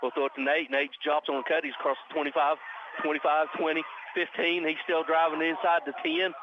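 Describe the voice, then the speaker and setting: A man calling a high school football game live on the radio as the play-by-play announcer, speeding up and rising on big plays. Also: level tone, fairly quick. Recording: muffled radio broadcast with faint noise.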